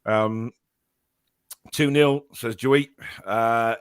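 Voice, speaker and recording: A man's voice: medium pitch, fairly even intonation, takes it slowly, a bit bright, smooth, no echo, studio quality. A man hosting a fan podcast in casual chat, reading viewer messages aloud. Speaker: podcast host. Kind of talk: casual live-stream chat.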